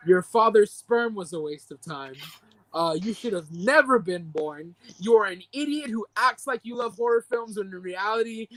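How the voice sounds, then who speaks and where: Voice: medium pitch, a bit bright, no room sound, low-quality recording. A young adult podcast co-host giving a heated, profane, indignant rant about a movie review. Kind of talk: ranting movie-review reaction.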